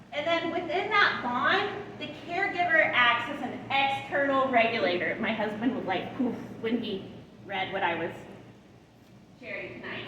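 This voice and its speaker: A middle-aged woman gives a training talk on attachment to foster and adoptive parents, often checking in with "right?" and acting out gentle words to a child. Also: high-pitched. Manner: tags lines with "right?" and "all right?"; acts out soothing words to a child. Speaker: guest speaker on attachment. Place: large hall. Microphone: room mic far from the speaker. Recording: echoey hall from far off, noisy.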